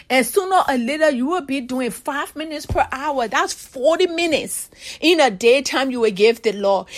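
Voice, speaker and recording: A woman preaching a sermon, earnest and exhorting, stretching out key words for emphasis. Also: high-pitched.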